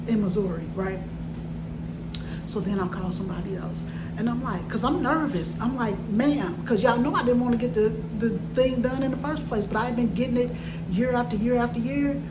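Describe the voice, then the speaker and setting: A woman's voice: medium pitch, background noise. Chatty woman vlogger in an echoey room. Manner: animated retelling with acted-out quotes. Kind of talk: casual storytelling chat.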